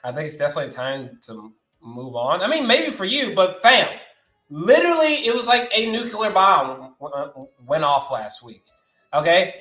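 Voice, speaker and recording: Excitable, profane young man in an echoey room. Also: moderate pace, faint music behind. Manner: excitable, profane, slangy, voice jumping high when worked up. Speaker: movie news host. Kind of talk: animated live-stream rant.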